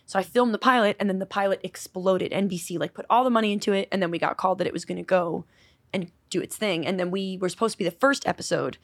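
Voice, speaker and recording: A woman songwriter telling stories in a casual podcast interview, acting out quoted voices with animated energy. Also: medium pitch, fast talker, no room sound. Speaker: songwriter guest.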